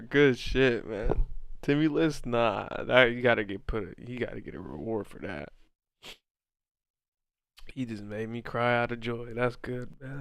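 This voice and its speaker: A man's voice: mid-range voice, fairly bright tone, smooth, no echo, studio quality. A man in his twenties hosting a trading livestream, reading chat and bantering casually, laughing hard and swearing a lot. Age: 20s. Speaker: forex livestream host.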